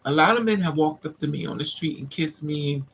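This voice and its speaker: A woman vlogger telling a story in a casual, animated way, repeating lines for emphasis and acting out what men said to her. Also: deep voice, brisk, slight background noise, low-quality recording. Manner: acts out the men's lines in quotes.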